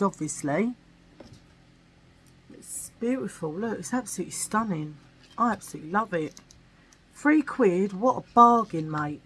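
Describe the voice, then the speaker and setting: A woman's voice: medium pitch, rough recording. A woman from England, chatting casually and animatedly in a vlog about her shopping finds. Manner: chatty and animated, with slangy asides. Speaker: vlogger. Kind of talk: casual chat.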